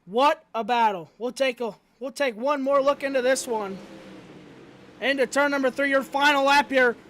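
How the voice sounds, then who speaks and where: A man announcing a live race with energetic, rapid-fire play-by-play commentary. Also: very high-pitched.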